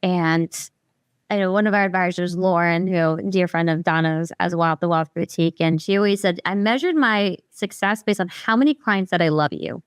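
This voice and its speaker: A woman's voice: on the low side, a little fast, clean tone, no echo, studio quality. A woman in her thirties from New Jersey, hosting a podcast interview in a friendly, curious way. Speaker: podcast host.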